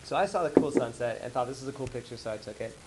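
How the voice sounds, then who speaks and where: A man giving a casual slideshow talk to colleagues, rambling and animated as he tells stories. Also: medium pitch, very fast, very noisy. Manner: rambling, animated storytelling with acted-out quotes. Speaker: presenter. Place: office meeting room.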